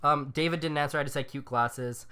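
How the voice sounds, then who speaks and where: A man's voice: a little high, fairly even intonation, brisk, bright, forceful tone. A man co-hosting a casual podcast, reading out dating-app messages and laughing between lines. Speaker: podcast co-host.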